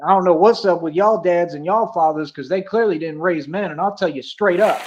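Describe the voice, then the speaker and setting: A young man holds forth on a livestream with a high, cocky voice, throwing out street slang and challenges to his listeners. The sound is dull and lo-fi, like a cheap stream mic. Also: brisk. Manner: boastful, confrontational, slangy street talk. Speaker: livestream host. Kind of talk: ranting livestream monologue.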